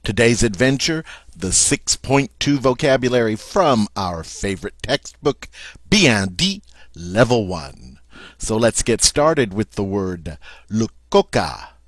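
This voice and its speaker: A man teaching French vocabulary, repeating each word slowly and with emphasis. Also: lowish voice, sing-song, no echo, studio quality. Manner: slow, careful, emphatic repetition of words. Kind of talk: vocabulary lesson.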